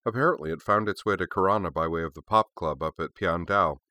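An easygoing, teasing young woman, as a male narrator reads her lines in a storybook recording. Her manner is wry and relaxed, carried in a low voice. The sound is crisp, dry and close. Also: fast talker, no echo. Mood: amused.

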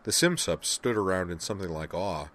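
A man narrating a novel in an even storytelling manner. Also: sits low, a little fast, slight background noise. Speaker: audiobook narrator. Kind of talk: scripted narration.

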